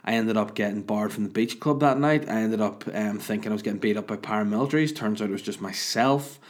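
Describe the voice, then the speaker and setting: A man in his thirties with a Northern Irish accent, hungover, telling crude, rambling, animated comic stories. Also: fairly low pitch, fast talker. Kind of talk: casual comic storytelling.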